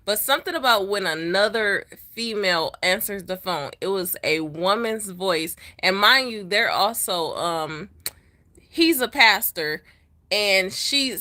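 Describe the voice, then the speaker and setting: A truck-driving woman tells a story to her viewers in a casual, animated way. Her voice is bright and forward at a middle pitch, and she jumps into high, dramatic voices whenever she quotes someone. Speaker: truck driver vlogger.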